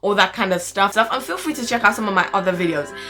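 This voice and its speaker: A young woman chatting casually as a vlogger, playful and excitable, slipping into sing-song. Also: medium pitch, fast talker, music in the background. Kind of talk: casual chat.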